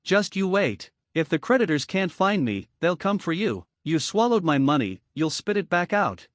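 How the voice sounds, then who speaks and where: A man narrating as a furious young swindler who has lost everything, spitting insults in a lively, rising voice that sits on the higher side. The sound is close and dry, with no room around it, like a storybook audiobook. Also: normal speed, no echo. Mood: enraged. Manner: shouting insults, enraged. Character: furious broke young man, a cheating fraud. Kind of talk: audiobook narration with character dialogue.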